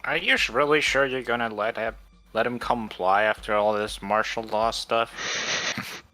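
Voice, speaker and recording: Male tabletop player, bright tone, questioning manner. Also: medium pitch, steady tone, a little slow, soft background music, rough recording. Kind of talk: casual game chat.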